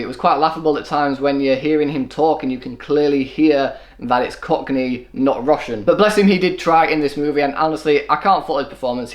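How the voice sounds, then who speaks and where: A man giving an opinionated solo film review, running his thoughts together without pause. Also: medium pitch. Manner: opinionated, quick run-on delivery. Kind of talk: solo movie review commentary.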